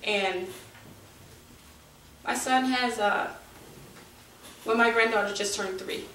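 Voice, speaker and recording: Middle-aged woman at a forum lectern, earnest and halting, picked up from across a room. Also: on the high side. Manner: earnest, halting, turning forceful. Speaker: bereaved mother speaking at a forum. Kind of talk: public testimony. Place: community meeting room. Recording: echoey room, from far off, faint noise.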